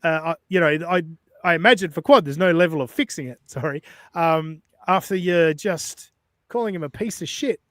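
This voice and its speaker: Male podcast host, profane and blunt, raised pitch, dry sound. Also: animated, normal speed, fairly bright tone, no room sound. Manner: profane, blunt, laughs between jabs. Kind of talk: casual podcast banter.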